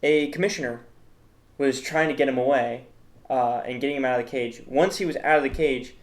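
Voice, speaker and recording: A male host runs through a comedic tier list, rambling in a mock-serious way and often pausing on fillers and restarts. His voice sits at an ordinary middle pitch for a man, and he speaks briskly.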